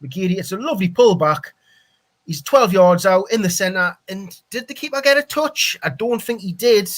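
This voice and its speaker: A man calling a football match live for a fan stream, excitable and leaping up on chances. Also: sits high, moderate pace.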